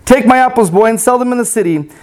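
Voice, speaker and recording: A man voicing a gentle, self-giving female tree while reading a storybook aloud, in a soft, tender way. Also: extremely high pitch, fast talker, voice pushed up.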